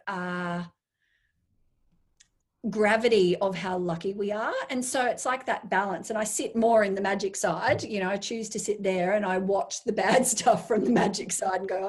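A woman with a husky, slightly breathy voice talks through a relaxed interview. She speaks with enthusiasm and slips into little acted-out asides of her own thoughts. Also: mid-range voice, measured pace. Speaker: guest. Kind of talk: casual interview chat.

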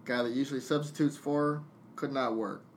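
A man's voice: medium pitch, steady tone, fairly quick, slight background noise. A man who works as a DJ, a guest on a casual podcast, venting a story bluntly with plenty of swearing and acted-out bits of dialogue. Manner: venting, blunt and profane, jumping into quoted dialogue.

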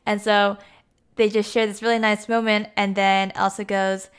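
A woman's voice: medium pitch, level tone, moderate pace, smooth. A woman giving a casual, chatty recap, with lots of "like" and "you know" as she talks.

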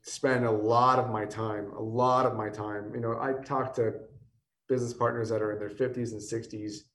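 A man's voice: medium pitch, little pitch movement, normal speed, fairly bright tone, reverberant, distant mic. A man in his thirties, a guest on a podcast, talking casually and rambling with many restarts; he sounds tired and is losing his voice. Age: 30s. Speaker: whiskey company guest.

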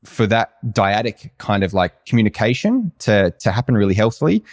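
Guy with a really low voice, thoughtful, lots of likes and you knows, dry close sound. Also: big pitch swings, moderate pace, no room sound. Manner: reflective, thoughtful, many fillers. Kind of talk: casual conversation.

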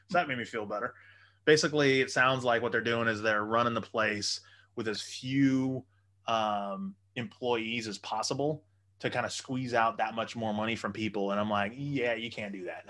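A man's voice: fairly low pitch, moderate pace, a bit bright. A man in casual chat who tells rambling stories and swears freely; he is hoping to buy a comedy club. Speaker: would-be comedy club owner.

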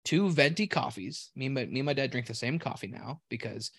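A man's voice: medium pitch, animated, a little fast, creaky, fairly bright tone, husky, no echo, clean studio sound. A man telling a story in casual chat, rambling and profane, restarting his sentences often.

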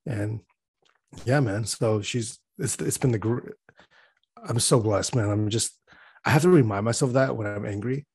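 Husky man chatting casually. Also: lowish voice, normal speed, a little mellow, no room sound. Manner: rambling, filler-heavy, laughing. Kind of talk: casual chat.

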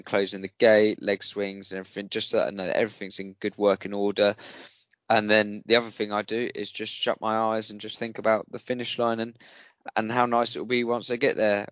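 A rambling, jokey man co-hosting a relaxed chat, his lowish voice coming through dry and a little dull. He talks with an easy lilt. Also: no room sound. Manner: jokey, rambling, quick to laugh. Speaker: podcast co-host. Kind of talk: casual chat. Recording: dry, slightly dull sound.

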